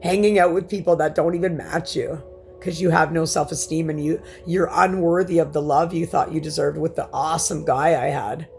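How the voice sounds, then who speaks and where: A woman's voice: sits low, fairly even intonation, normal speed, gravelly, a little mellow, soft background music. A woman in her forties venting in a rambling, profane personal monologue to camera. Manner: emphatic, profane, rambling rant. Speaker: vlogger.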